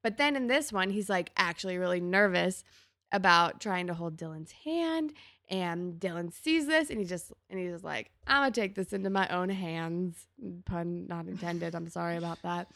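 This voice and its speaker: Gravelly-voiced woman recapping a TV episode. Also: normal speed, dry recording, studio quality. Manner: animated, acts out characters' lines with big pitch jumps. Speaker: podcast co-host. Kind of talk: casual episode recap chat.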